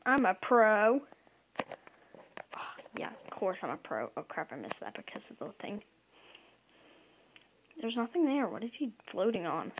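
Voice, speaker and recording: A woman giving casual, self-mocking commentary while playing a video game, quick to get excited. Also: medium pitch, a little hiss or hum, poor audio. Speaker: gaming video creator.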